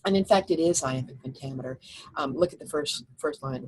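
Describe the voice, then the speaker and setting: A woman's voice: low voice, a little fast, a little mellow, slight background noise, low-quality recording. A woman teaching a recorded lecture over slides, explaining step by step with frequent fillers and restarts.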